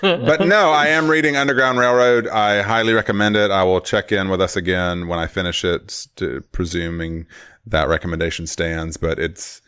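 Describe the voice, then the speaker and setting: A man's voice: low-pitched, steady tone, normal speed, a bit bright, smooth, no echo, studio quality. A man co-hosting a podcast in casual chat, rambling and wry, often correcting himself. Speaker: podcast co-host.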